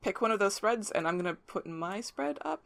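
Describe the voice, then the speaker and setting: A woman running a tabletop game over a voice call, calmly explaining the rules step by step. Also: medium pitch, a little fast, creaky. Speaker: game facilitator. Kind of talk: casual chat over voice call.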